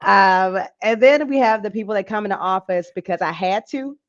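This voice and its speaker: A woman's voice: mid-range voice, moderate pace, muffled recording. A woman who is a medical doctor, speaking as a guest on a talk show, explaining things casually and acting out the voices of her patients. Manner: animated, acts out patients' voices.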